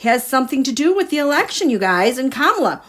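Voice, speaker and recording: A woman's voice: high voice, very animated, fast, a bit bright. A woman giving a casual tarot reading to her viewers, musing and dramatic as she talks through the cards. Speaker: tarot reader.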